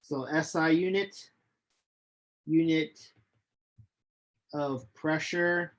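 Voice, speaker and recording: A male chemistry lecturer giving a recorded online lecture, unhurried and hesitant, with many ums and restarts. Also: fairly high pitch, fairly even intonation, a bit bright. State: losing his voice, coughing.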